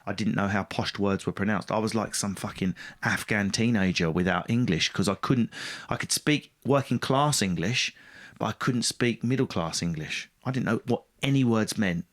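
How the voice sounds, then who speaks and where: A man's voice: on the low side, normal speed. A man telling his story as a podcast guest, blunt and self-mocking, swearing freely in casual talk. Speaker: podcast guest, stand-up comedian.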